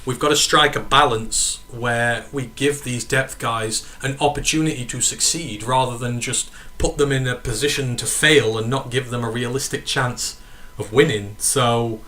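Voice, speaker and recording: His voice is medium-pitched, steady, and sharp, moving at a moderate pace with few pauses. A northern English host of a casual sports podcast, he rambles and corrects himself while responding to questions from live chat.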